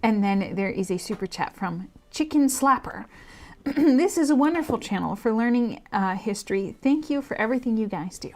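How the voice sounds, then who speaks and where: A woman's voice: on the high side, animated, normal speed, a little mellow. Easygoing woman co-hosting a live chat. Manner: easygoing, reads messages aloud. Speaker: co-host reading viewer messages.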